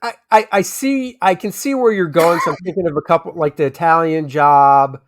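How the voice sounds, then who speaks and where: Male co-host with a higher voice, relaxed and rambling, trips over names in a casual review. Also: normal speed. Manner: rambling, often restarts and gropes for names. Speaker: movie review podcast co-host. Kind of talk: casual conversational movie review.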